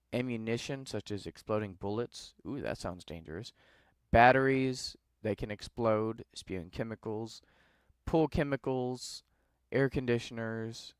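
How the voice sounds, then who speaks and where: A man's voice: on the low side, clean tone, no echo, studio quality. A man hosting a podcast, casually reading news articles aloud and breaking off into sarcastic, dismissive asides. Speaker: podcast host. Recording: live with no editing.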